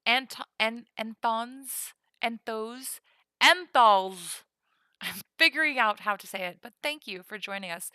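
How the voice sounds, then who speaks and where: Bright, chatty woman streamer. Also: medium pitch, clean tone, dry recording. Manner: chatty and playful, whispers while counting cards. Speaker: streamer cataloging trading cards. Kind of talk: casual live-stream chat.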